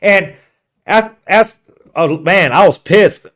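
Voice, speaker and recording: Brief: man, high-pitched voice, podcast co-host, animated swearing storyteller. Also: slow. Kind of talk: casual storytelling chat.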